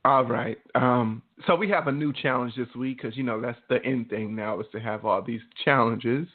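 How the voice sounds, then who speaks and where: A man banters on a podcast in a loose, profane, animated way. His voice sits in a mid range. The line sounds thin and tinny, like a phone call. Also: medium pitch, moderate pace. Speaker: podcast co-host. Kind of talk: casual chat.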